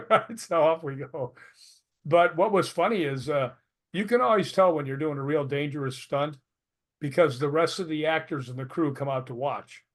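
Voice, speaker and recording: Animated older man telling stories. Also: on the high side, moderate pace. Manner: animated storyteller who laughs and acts out quotes. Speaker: interview guest, retired stuntman. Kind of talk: casual storytelling in an interview.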